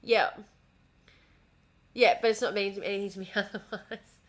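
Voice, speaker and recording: A woman's voice: medium pitch, fairly even intonation, normal speed. A woman with an Australian accent, chatting casually on a home stream and swearing freely as she talks with a smile. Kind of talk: casual livestream chat. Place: home room. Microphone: desk mic at home.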